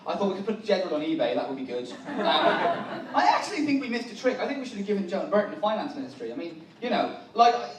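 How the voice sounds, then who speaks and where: Wry Irish comic in an echoey hall. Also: male voice, sits high, sing-song, a loud crowd. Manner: wry, self-interrupting, quick asides. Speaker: stand-up comedian. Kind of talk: stand-up comedy set. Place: conference hall with a live audience. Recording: echoey hall, mic at a distance.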